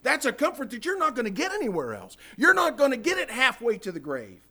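A man's voice: very high-pitched, huge pitch swings, quick pace, pushed and bright. A man preaching a sermon in church, impassioned, acting out prayers and calling the congregation "guys.".

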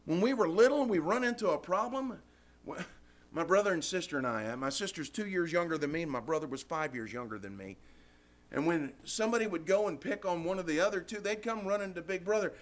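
Animated high-voiced preacher man. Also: brisk. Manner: animated, folksy preaching with scripture quotations. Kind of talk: sermon.

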